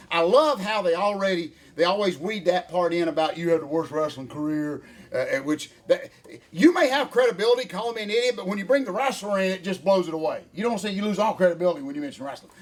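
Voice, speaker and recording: An older man, ranting in a folksy, animated way as co-host of a casual chat. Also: high voice. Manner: folksy, animated rant with Southern phrasing.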